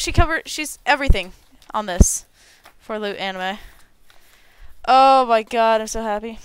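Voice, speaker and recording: A young woman hosting a casual unboxing video, bubbly and excitable, tripping over her words as she gushes. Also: fairly high pitch, normal speed, clean tone, dry recording. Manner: bubbly and excitable, gushing with stumbling repeats. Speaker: unboxing channel host.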